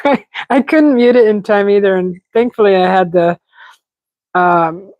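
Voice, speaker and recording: Her voice medium-pitched and her pace measured, a woman chats loosely and gigglingly with livestream viewers outdoors in a desert yard, restarting often. The sound is dry with no room tone, and the high frequencies are cut off.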